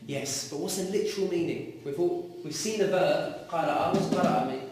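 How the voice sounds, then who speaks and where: A man teaching a class, explaining words and questioning his students in a lively way. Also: fairly high pitch, normal speed. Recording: echoey classroom recorded from far off.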